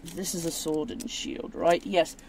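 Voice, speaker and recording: Woman host, card-opening video: slow, meandering, self-mocking talk, faint noise behind her. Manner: rambling, self-mocking, with sudden high excited squeals. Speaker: channel host.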